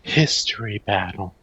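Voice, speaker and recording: A man's voice: lowish voice, pushed and bright, husky, no echo. A man playing in a tabletop game, laid-back and prone to laughing. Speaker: player.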